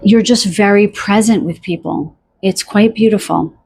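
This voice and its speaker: Soft dreamy woman doing a tarot reading, lots of ums and restarts, talks right to you. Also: mid-range voice, vocal fry, husky. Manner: soft, dreamy, halting with many fillers and restarts; addresses the listener directly. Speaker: tarot reader. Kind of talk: pick-a-card tarot reading.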